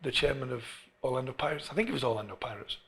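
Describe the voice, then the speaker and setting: A middle-aged English man, a football coach being interviewed, who tells stories in an animated way and often restarts his phrases. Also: medium pitch, racing, vocal fry. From England. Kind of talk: storytelling interview.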